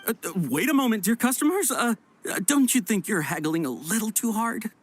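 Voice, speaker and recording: An actor voicing an overly polite tea shop vendor in a video game, with a smooth sales pitch that stammers when things go wrong. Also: big pitch swings, fairly quick. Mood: flustered. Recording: game audio with faint music.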